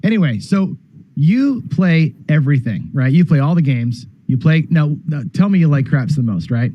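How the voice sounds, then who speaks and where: A man hosting a live gambling charity stream, rambling casually and clearing his throat as he talks. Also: on the high side, lively intonation, normal speed. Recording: dull, dry lo-fi stream audio.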